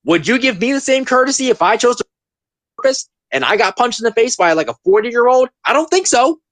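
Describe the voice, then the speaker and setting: A man's voice: very high-pitched, lively intonation, brisk, fairly bright tone, dry recording. A man in his twenties hosting a casual opinion podcast, talking emphatically and ranting, repeating his points. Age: 20s. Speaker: podcast host.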